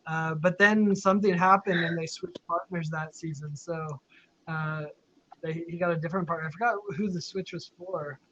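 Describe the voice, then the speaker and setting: A man's voice: fairly high pitch, fairly even intonation, moderate pace, sharp tone, dull audio, slight background noise. A man hosting a casual live video chat, reading out viewer questions, talking chattily with frequent laughs and fillers. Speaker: live stream host. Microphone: video call.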